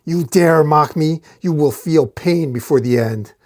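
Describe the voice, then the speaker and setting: A man playing a booming ruthless dwarf warlord. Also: unhurried, a little mellow. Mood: menacing.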